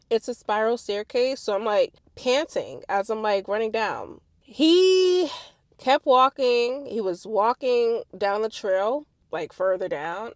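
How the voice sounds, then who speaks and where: Animated woman telling a story. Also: a little high, measured pace, dry recording, clean studio sound. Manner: animated, swearing, addresses viewers directly. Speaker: vlogger telling a personal story. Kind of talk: casual storytime.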